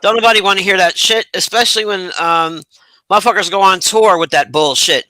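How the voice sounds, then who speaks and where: A man in a casual online voice chat, telling animated stories, acting out his own reactions and swearing freely. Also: high voice, fairly quick, a little hiss or hum, poor audio.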